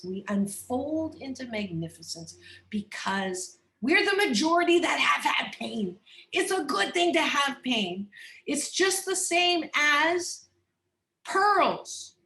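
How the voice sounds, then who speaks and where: A woman with a bright, fairly high voice tells candid personal stories as a podcast guest. Her manner is animated and expressive. The recording has a noticeable roomy echo. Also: measured pace. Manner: animated, expressive, acts out voices, laughs often. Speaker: guest, organizational psychologist and coach. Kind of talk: candid storytelling in a podcast interview.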